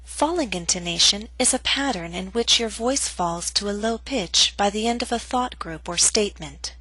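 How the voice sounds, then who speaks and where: A woman teaching an English pronunciation lesson, speaking clearly and deliberately. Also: medium pitch, expressive, pushed and bright, low-quality recording. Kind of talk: scripted lesson narration.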